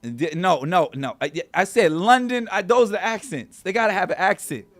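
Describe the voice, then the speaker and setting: High-voiced man hosting a casual stream. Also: lively intonation, moderate pace, dry recording. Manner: rambling, talks straight to chat viewers. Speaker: show host. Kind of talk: casual livestream chat. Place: small studio.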